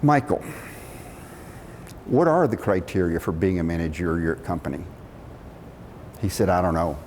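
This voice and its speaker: A middle-aged man telling a story from his working life, animated, acting out the quotes. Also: normal speed. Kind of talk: storytelling talk. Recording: long reverb of a hall, faint rumble.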